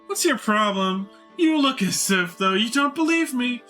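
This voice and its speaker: A man's voice: very high-pitched, expressive, unhurried, pushed and bright, faint music behind, heavily acted. A man voicing a vain, flirtatious woman mage from a fantasy game, haughty and preening as he reads her lines. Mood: vain flirty.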